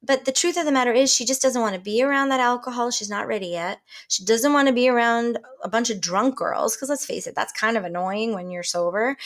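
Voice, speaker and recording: A woman giving a coaching talk, lively and conversational, often acting out short example dialogues. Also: fairly high pitch. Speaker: life coach.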